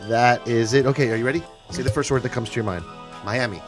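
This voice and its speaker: A man hosting a video podcast interview, leading his guest through a quick word game with playful, hype-building patter. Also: mid-range voice, husky, soft background music. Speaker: podcast host.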